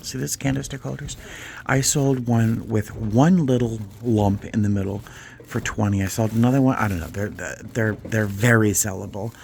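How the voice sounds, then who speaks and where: An excitable man talks into a handheld phone camera as he browses an antique store. His voice sits a little low with a gravelly edge, and he swings between eager gushing and hushed asides to himself. A faint murmur of the shop carries behind him. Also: moderate pace, slight background noise. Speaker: vlogger. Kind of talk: casual vlog commentary.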